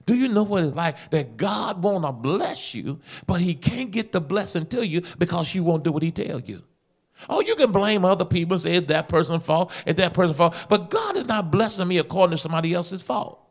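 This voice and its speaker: A middle-aged man preaching a sermon as pastor, fervent and rhythmic, swinging between soft confiding passages and shouted climaxes. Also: sits high, sing-song, fairly quick. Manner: preaching in a fervent call-and-response style, rising to shouts.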